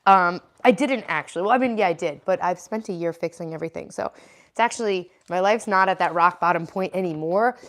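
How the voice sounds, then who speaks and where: A woman's voice: fairly low pitch, brisk. A woman hosting a casual livestream, chatting and answering viewer comments as they come in. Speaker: livestream host.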